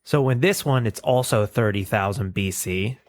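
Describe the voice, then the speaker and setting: A man's voice: on the low side, normal speed, no echo, clean studio sound. Casual man recapping cartoons with gusto. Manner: animated retelling, acts out lines. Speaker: podcast co-host.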